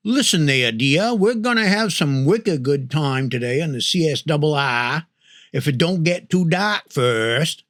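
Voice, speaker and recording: Man doing a rural Maine local, thick Maine accent, slow drawl, dry close sound. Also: on the high side, expressive, a bit bright, no room sound. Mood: folksy. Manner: drawn-out, slow folksy drawl.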